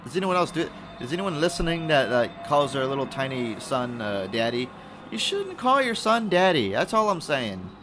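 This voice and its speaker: A man's voice: fairly high pitch, sing-song, moderate pace, music in the background. Rambling, profane male podcast host. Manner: rambling, profane, full of fillers and restarts. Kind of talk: casual solo podcast rant. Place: room, recording alone.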